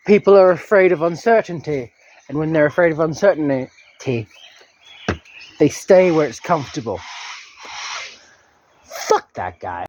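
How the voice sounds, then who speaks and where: Young man, video diary, dry self-mocking, lively pitch, slightly high voice. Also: highs cut off, slight background noise. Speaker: vlogger.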